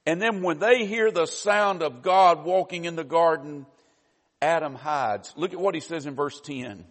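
A man's voice: a little high, unhurried. A man preaching a sermon, teaching in a conversational way with wry asides. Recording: long reverb of a large hall.

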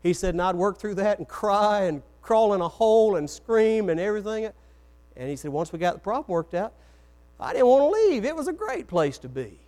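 A preacher with a high voice tells stories from the pulpit and plays out each quoted voice. A mains hum runs faintly under the recording. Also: male voice, big pitch swings, brisk, darkish tone. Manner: storytelling, acts out quoted voices. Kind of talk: sermon.

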